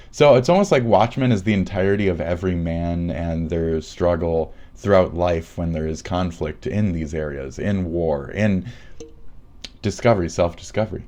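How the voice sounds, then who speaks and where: Low-voiced man on a profane rant. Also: a little mellow. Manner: profane, rambling and sneering. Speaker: livestreamer. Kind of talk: livestream rant.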